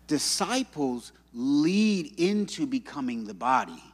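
Lively male preacher in a reverberant hall. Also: medium pitch, slow. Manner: animated storytelling with acted-out quotes. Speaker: pastor. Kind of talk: sermon. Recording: long reverb of a church hall.

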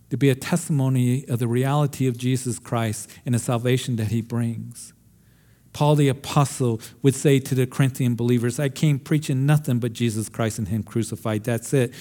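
A man delivers a sermon as a pastor, his voice warm and mellow. He preaches earnestly, repeating phrases for emphasis and leaning into key words. His pitch sits in an ordinary middle range.

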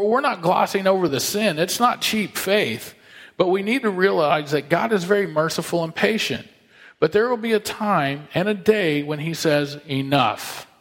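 Folksy preacher in a reverberant hall. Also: male voice, on the high side, fairly bright tone. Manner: conversational, folksy, emphatic. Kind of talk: sermon.

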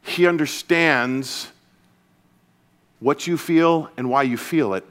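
A man preaching as a pastor to his church, earnest and energetic, dropping to a soft, hushed voice for comforting passages. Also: mid-range voice, slow pace, long pauses. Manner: earnest, shifts to soft hushed tones when quoting Jesus. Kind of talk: sermon. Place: church service.

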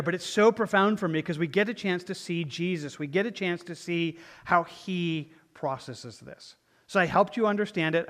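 Guy pastor, bit high voice, slow thoughtful sermon, trails off soft at line ends, big echoey church. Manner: slow and reflective, trailing off softly at phrase ends. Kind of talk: sermon with scripture reading. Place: church sanctuary with lights dimmed. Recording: long reverb of a church hall.

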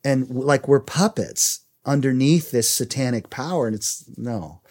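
A man's voice: mid-range voice, unhurried, darkish tone. A man co-hosting a Christian podcast, talking earnestly and reading quotes aloud. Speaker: podcast co-host. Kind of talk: faith podcast conversation.

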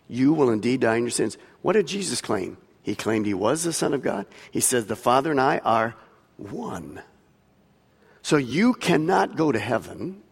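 A man's voice: on the high side, husky. A man preaching a sermon as pastor, with emphatic delivery that swells and drops. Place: large church hall. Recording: long hall reverb.

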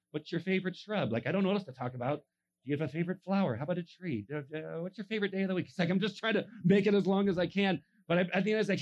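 Animated man telling a sermon story. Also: mid-range voice, very fast, lo-fi sound. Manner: animated, acts out voices, laughs often. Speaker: pastor.

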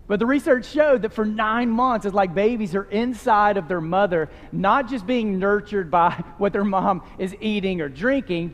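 A pastor with a high voice preaches in a conversational way and drops light jokes to his congregation. The sound rings out with a long hall reverb, as in a church sanctuary. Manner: conversational, joking asides to the congregation. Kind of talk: sermon.

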